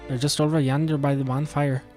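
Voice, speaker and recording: A man's voice: a little high, flat delivery, fairly quick, darkish tone, soft background music, lightly acted. A man putting on a brash Irish-accented pirate. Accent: put-on Irish. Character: rough, shameless male pirate sailor.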